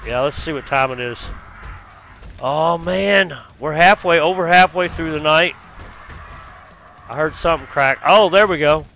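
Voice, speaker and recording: A man giving casual let's play commentary while fighting a zombie horde, with loud cursing exclamations and folksy grammar. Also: fairly high pitch, a little slow, pauses often, a little hiss or hum. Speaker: gaming YouTuber.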